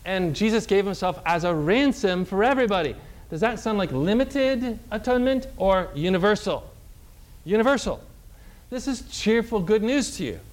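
Male pastor, sermon teaching; high voice that swoops up and down, reads scripture deliberately, quizzes the room. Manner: animated, asks the congregation questions and answers himself. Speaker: Lutheran pastor.

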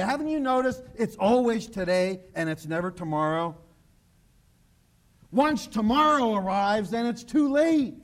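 A man preaching a sermon in a high voice. He talks emphatically and keeps repeating himself, and now and then he drops low and quiet for an aside. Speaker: pastor. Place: church broadcast on radio and online.

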